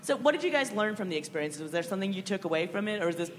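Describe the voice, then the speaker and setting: A woman's voice: medium pitch, rapid-fire. A woman moderating a panel discussion, asking questions with wry quips. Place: live festival panel in a large hall. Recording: reverberant hall with a lively crowd.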